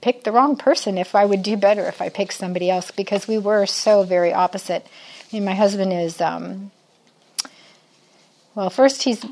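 With a mid-range, darkish voice and a steady tone, an older woman teaches the Bible to a group of women at a normal speed. She keeps it chatty and conversational, regularly turning questions to her listeners.

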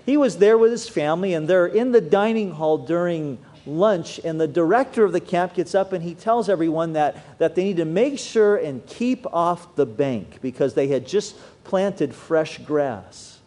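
Animated preaching man with a lively pitch. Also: moderate pace, few pauses. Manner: animated preaching with wide swings in pitch and loudness. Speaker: pastor. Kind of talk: sermon.

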